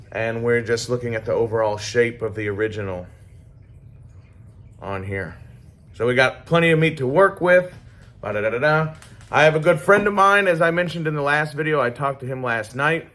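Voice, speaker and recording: A man's voice: medium pitch, moderate pace, fairly bright tone. A man chatting casually and swearing freely while giving a workshop project update. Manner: rambling, profane, laid-back. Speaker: hobby swordsmith vlogger.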